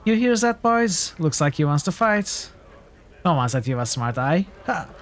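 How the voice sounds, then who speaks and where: A man's voice: on the high side, big pitch swings, normal speed, a little hiss or hum, voice pushed up. A man voicing a rude, taunting male street thug who sneers and jeers coarsely.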